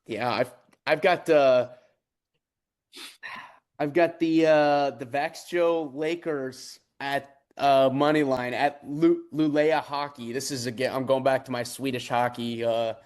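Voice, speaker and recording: Guy on a betting podcast, lots of uhs, mid-pitched, laid back. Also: steady tone, slow pace. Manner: hesitant, many uh fillers between words. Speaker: podcast co-host. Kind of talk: casual sports betting chat.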